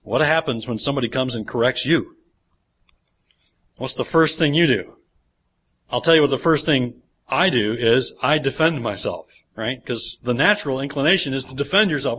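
A man's voice: mid-range voice, normal speed, slightly rough. A male pastor preaching a sermon, often putting rhetorical questions to the congregation. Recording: dull lo-fi church sermon recording.

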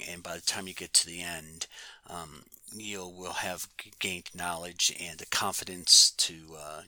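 A low-pitched man with a very bright, sharp voice co-hosts a casual podcast. He rambles a little, circling back with fillers, and the sound is dry and close. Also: no room sound. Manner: rambling, many fillers and restarts. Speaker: podcast co-host.

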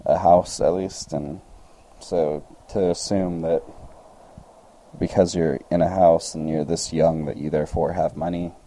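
A man's voice: low-pitched, measured pace, rough recording. A young man chatting casually as a podcast co-host, rambling through a story and acting out the people in it. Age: young adult. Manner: rambling, animated retelling with quoted voices.

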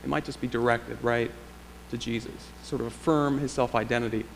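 A man's voice: mid-range voice, fairly even intonation, fairly quick, gravelly. A male pastor preaching a sermon in a church sanctuary, in a reflective, conversational way with rhetorical questions. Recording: long church reverb, faint hum.

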